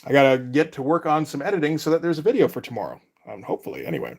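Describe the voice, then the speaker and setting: Laid-back man with a higher voice. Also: huge pitch swings, rapid-fire, creaky, a little mellow, husky. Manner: rambling, laid-back, swears casually. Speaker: comic artist streaming live. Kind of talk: casual live-stream chat.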